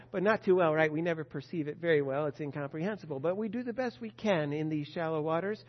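An older man, a grandfather, preaching an earnest sermon that rises to loud emphasis on key words. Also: fairly high pitch, brisk. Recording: dull long-reverb hall sound.

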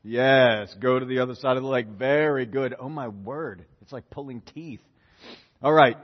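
A middle-aged man preaching a lively sermon, quizzing the congregation and acting out prayers. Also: mid-range voice, a little slow. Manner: animated, questions the congregation, acts out prayers. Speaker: pastor. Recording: dull reverberant hall.

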